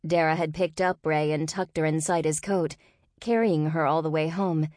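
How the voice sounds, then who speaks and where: A woman narrating an audiobook in a steady, expressive reading voice. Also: deep voice, normal speed, no room sound, clean studio sound. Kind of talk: scripted narration.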